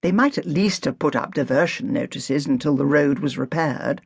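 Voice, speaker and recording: A woman narrating an audiobook in a measured, dry storytelling manner on a close studio mic. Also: low-pitched, creaky, slightly rough, dry recording. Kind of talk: scripted narration.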